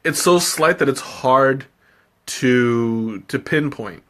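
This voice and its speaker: Speaking slowly in a medium, slightly bright voice, this man runs a live tea tasting. It's a casual live-stream chat where he responds to viewer comments, laughing a lot and musing out loud.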